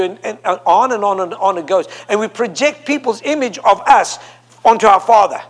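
In a church, a man with a high-sitting, animated voice preaches to the congregation at a normal speed. He is emphatic, repeating phrases for effect and leading call and response.

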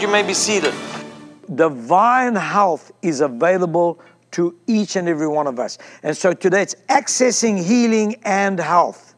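A man with a high voice preaches a sermon in an emphatic, insistent way. He repeats phrases for weight and keeps putting questions to the congregation. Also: lively intonation, unhurried, music in the background. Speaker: pastor.

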